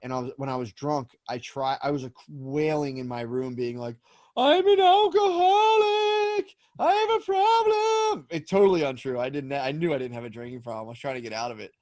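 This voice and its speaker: A man's voice: medium pitch, steady tone, fast talker, hardly any pauses, a little mellow, no echo. A man co-hosting a podcast over a remote call, telling rambling stories with lots of swearing and restarts. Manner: rambling storyteller, swears a lot, frequent restarts. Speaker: podcast co-host. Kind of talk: casual chat. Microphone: remote call mic.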